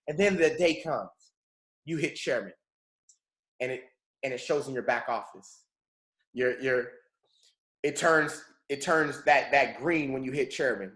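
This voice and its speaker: A man leading a morning mentorship call as a motivational coach, fervent and repetitive, swinging between rising excitement and soft, low reflection. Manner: drops to a soft, low hush for reflective moments. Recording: echoey room.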